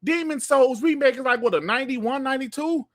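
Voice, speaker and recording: A man hosting a gaming podcast livestream, ranting in a heated, profane and animated way. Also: extremely high pitch, fairly quick, no echo, clean studio sound. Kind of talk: livestream commentary rant.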